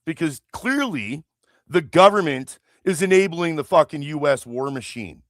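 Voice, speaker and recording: A man's voice: on the high side, animated, moderate pace, fairly bright tone, dry recording, studio quality. Angry, profane man ranting. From Canada. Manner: angry, heavily profane, emphatic. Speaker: livestream host. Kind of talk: live political rant.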